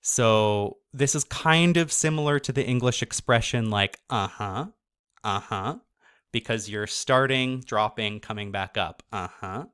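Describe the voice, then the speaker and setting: Guy teaching a course, talks slow and sounds out each syllable, kinda casual with little self-corrections. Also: mid-range voice, a bit bright, clean tone. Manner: demonstrates syllables by sounding them out slowly. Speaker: course instructor. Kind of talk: slow explanatory lesson.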